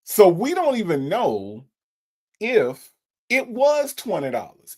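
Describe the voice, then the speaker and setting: A livestream host delivers mocking, incredulous commentary between reading out viewers' super chats. The pitch swings widely from line to line, giving the talk an animated, sing-song feel. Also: slow, husky.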